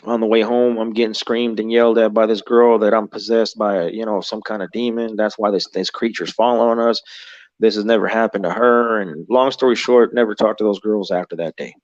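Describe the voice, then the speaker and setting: With a lowish voice, fairly even intonation, and a slightly fast pace, a thirty-something guest casually tells a profane, rambling story about an encounter, performing other people's lines. The audio is muffled and dull, without room sound.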